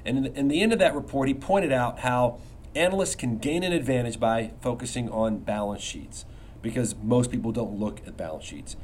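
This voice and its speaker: A man's voice: medium pitch, moderate pace, a little mellow, slight background noise. Emphatic middle-aged man hosting a podcast. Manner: emphatic, conversational, asks rhetorical "you know what?". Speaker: podcast host, investment research firm founder. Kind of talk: casual podcast monologue.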